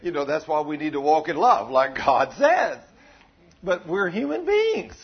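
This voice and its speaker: A man's voice: on the high side, sing-song, unhurried, breathy edge, dull audio. A man preaching a sermon in a folksy, conversational way, joking with his congregation.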